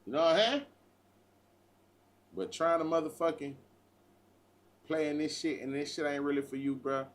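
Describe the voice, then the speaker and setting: A man's voice: a little high, fairly even intonation, normal speed. A man hosting a livestream, giving a profane, preachy street-talk monologue and repeatedly calling listeners "bruh". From United States. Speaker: livestream host.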